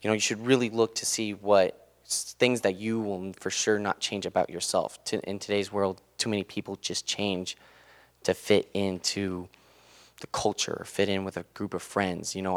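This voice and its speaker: A man's voice: low-pitched, fairly even intonation, normal speed. A young man in his twenties giving an earnest, casual sermon talk, loose and full of fillers. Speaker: student speaker giving a devotional.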